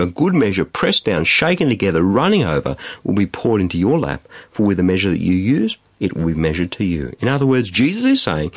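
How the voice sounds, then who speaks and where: A man preaching a sermon in an emphatic, animated way, repeating phrases for stress. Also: low-pitched, brisk, few pauses, no echo, clean studio sound. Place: studio.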